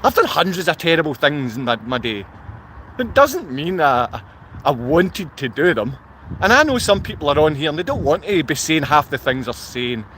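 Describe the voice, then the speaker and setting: Scottish man, a bit high-pitched, rambling live stream, answers comments, outdoors, faint traffic behind. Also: sing-song, moderate pace, fairly bright tone. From Scotland. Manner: rambling, reads viewer comments aloud and answers them. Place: outdoor car park.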